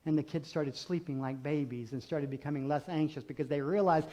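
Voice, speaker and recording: A brisk male pastor with a voice on the high side leads his congregation in call and response. His sermon moves in rhythmic, repeated phrases, swinging between loud, emphatic calls and hushed, intimate lines.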